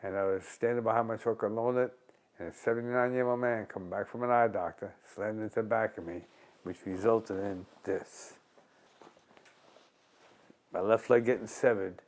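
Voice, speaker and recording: A man's voice: lowish voice, normal speed, long pauses. A man, a former boxer animatedly telling stories in an interview, often restarting phrases. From Long Island, New York. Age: 60s. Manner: animated, acts out quotes in a raised voice, repeats and restarts. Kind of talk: conversational storytelling.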